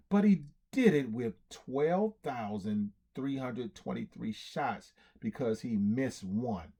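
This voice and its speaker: A man reading a storybook aloud in an animated way, acting out cheers and sound effects. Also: mid-range voice, slow, hardly any pauses, breathy edge.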